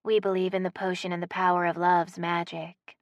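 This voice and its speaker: A woman's voice: lowish voice, flat delivery, fairly quick, no echo, muffled recording, lightly acted. A woman voicing a sly older herbalist woman who talks in a sing-song way.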